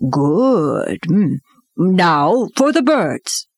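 An old male bear lectures earnestly and slowly, a stern but caring teacher, as a woman reading aloud plays him. The voice sits low and moves with lively ups and downs. The sound is close and dry. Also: slightly rough, dry recording, heavily acted.

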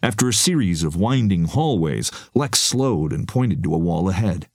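A man narrating an action story in a steady, even storytelling manner. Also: low-pitched, moderate pace, few pauses, dry recording, clean studio sound. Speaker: audiobook narrator. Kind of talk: scripted narration.

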